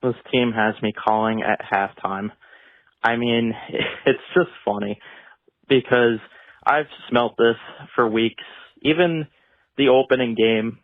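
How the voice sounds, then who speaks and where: A man's voice: fairly low pitch, no echo. A male caller leaving a sarcastic, fed-up rant about his team on a hotline. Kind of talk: recorded hotline message. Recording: tinny phone line.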